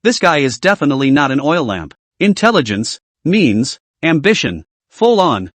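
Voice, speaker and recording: A man's voice: fairly high pitch, big pitch swings, moderate pace, no echo. A man voicing a cocky young male hero in a story recap, mocking and self-assured.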